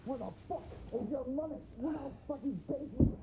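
An actor playing a gruff small-time crook who talks bluntly and bossily, swearing constantly. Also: male voice, very high voice, brisk. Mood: menacing. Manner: blunt, profane, bossy. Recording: music behind.

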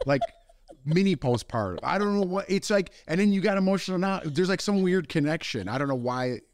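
A man's voice: sits high, animated, brisk, no room sound, studio quality. Easygoing man co-hosting a chat. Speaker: podcast co-host. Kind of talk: casual chat.

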